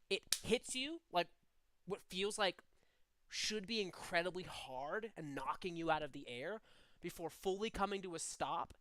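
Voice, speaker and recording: A man's voice: sits high, pushed and bright, clean tone, no room sound. Rambling young man running a tabletop game. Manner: rambling, hesitant, many fillers. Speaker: game master.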